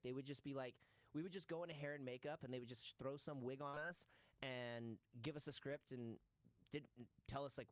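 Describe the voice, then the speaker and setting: A man telling a long, animated story in casual chat, acting out bits of dialogue in quick voices. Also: medium pitch, dry recording, low-quality recording. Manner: animated storyteller who acts out lines in quick character voices. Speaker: show regular recalling sketch work.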